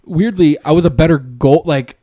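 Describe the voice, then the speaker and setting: A man's voice: on the high side, moderate pace, dark tone. A young man on a podcast, telling a rambling story in casual chat, full of slang and swearing. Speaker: podcast co-host.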